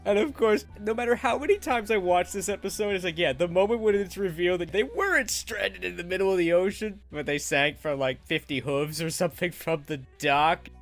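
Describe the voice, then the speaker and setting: A man giving a casual, chatty spoken review of a cartoon episode, animated and often laughing at himself. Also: high-pitched, fairly quick, hardly any pauses. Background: faint background music.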